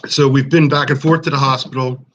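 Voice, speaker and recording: A man's voice: medium pitch, fairly even intonation, brisk, a bit bright, a little hiss or hum. A man, chatting casually on a home live stream, rambling and greeting viewers by name. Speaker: YouTube livestream host. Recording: slightly dull lo-fi stream audio.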